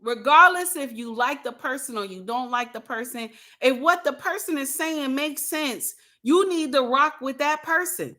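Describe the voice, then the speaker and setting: A woman livestreaming casual commentary, speaking straight to her chat. Her voice sits high and has a bright, sharp edge. She hammers her points bluntly and repeats lines for emphasis, like a preacher. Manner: addresses viewers and chat directly. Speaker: livestream host.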